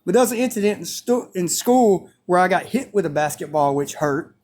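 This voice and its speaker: A man's voice: high-pitched, a little fast. A man telling a story in a casual, profane way, repeating phrases as he goes. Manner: animated, profane, repeats himself.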